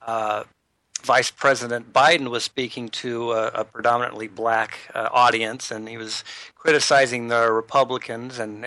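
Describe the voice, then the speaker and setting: A man's voice: mid-range voice, sharp tone, no echo. A man co-hosting a talk radio show, dry and sarcastic, with frequent hesitations. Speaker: radio co-host.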